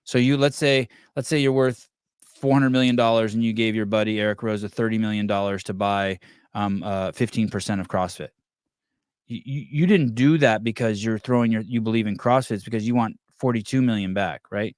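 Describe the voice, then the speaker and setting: A man's voice: lowish voice, steady tone, a little fast, a little mellow, clean tone, no room sound, clean studio sound. A man hosting a podcast in casual chat, swearing freely and restarting his sentences often. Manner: profane, rambling, many restarts. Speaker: podcast host. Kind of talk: casual live-stream chat taking calls.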